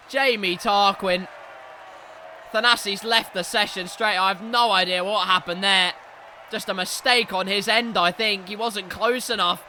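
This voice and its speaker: A man commentating live on a sim racing league race, hoarse from shouting, excitable and yelling at the big moments. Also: high-pitched, measured pace, slight background noise.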